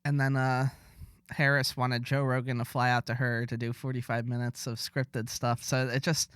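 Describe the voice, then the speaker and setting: A man's voice: medium pitch, flat delivery, moderate pace, fairly bright tone, clean tone, no room sound, clean studio sound. A man co-hosting a podcast, rambling through casual banter in a sarcastic, mock-boastful way. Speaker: podcast co-host.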